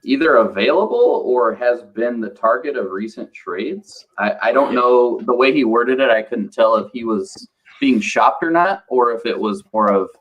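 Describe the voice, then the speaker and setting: A man's voice: medium pitch, lively intonation, moderate pace, fairly bright tone, highs cut off. A man hosting a casual hockey podcast with friends, talking loosely with frequent hesitations. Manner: hesitant, many filler sounds and restarts. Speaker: podcast host. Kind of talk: casual chat.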